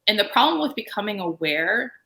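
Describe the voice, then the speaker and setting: A woman speaking on a panel, telling animated stories about her security work. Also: mid-range voice, fairly quick, vocal fry. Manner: animated storytelling, quoting herself and others. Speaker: guest panelist. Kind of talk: panel discussion.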